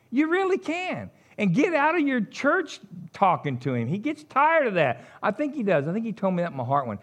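This is a preacher giving a loose, conversational sermon in a fairly high voice. He talks like a neighbor telling stories, folksy and lively. His pitch swoops widely, climbing into bright exclamations and then sinking into low, confiding asides. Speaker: pastor.

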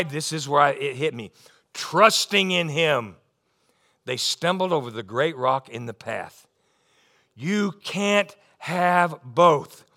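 A middle-aged man preaching a sermon, animated, often restarting and repeating words. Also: sits high. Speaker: pastor.

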